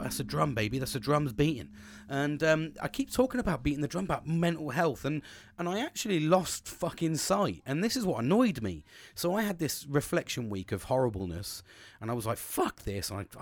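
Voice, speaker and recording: A man's voice: medium pitch, no room sound. A man hosting his own podcast, talking casually and candidly with lots of swearing and restarts. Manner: rambling and candid, heavy swearing, many restarts. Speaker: podcast host. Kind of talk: casual solo podcast monologue. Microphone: own podcast microphone.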